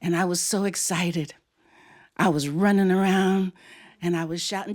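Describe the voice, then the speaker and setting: A woman storyteller telling a story in an animated, expressive way with frequent chuckles. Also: lowish voice, moderate pace.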